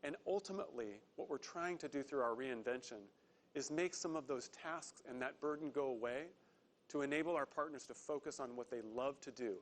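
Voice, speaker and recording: A man giving a prepared corporate investor presentation, earnest, slowing down to stress key words. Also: medium pitch, a little hiss or hum. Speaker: company executive presenter.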